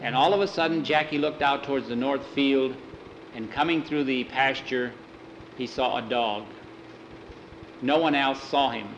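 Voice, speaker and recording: A man telling a story aloud in plain, unhurried narration, acting out the dialogue. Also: mid-range voice, echoey room, highs cut off, slight background noise. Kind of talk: oral storytelling.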